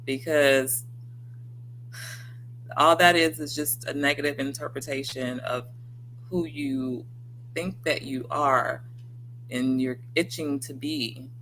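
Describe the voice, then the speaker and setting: Casting: bright, vivid woman, warm livestream host giving motivational talk, faint hum behind. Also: extremely low pitch, fairly even intonation, slow, long pauses, poor audio. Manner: earnest, encouraging, talks straight to viewers; acts out quoted inner voices.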